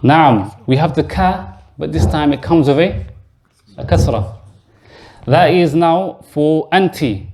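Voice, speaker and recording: A man's voice: fairly high pitch, expressive, takes it slowly, darkish tone. Man teaching a patient grammar class. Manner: patient, explains step by step and quizzes students. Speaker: Arabic teacher. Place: mosque classroom.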